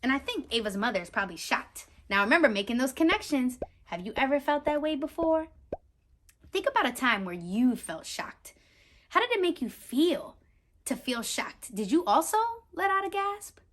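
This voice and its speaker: A woman reading a picture book aloud to young children as their teacher, animated and talking straight to her listeners with questions. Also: high-pitched, moderate pace, noisy background. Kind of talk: children's read-aloud lesson.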